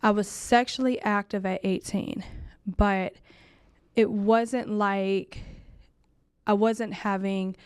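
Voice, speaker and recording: A woman's voice: mid-range voice, fairly even intonation, takes it slowly, long pauses, darkish tone, clear, resonant tone, no room sound, studio quality. A young adult woman candidly telling a heartfelt personal story, full of "like" fillers.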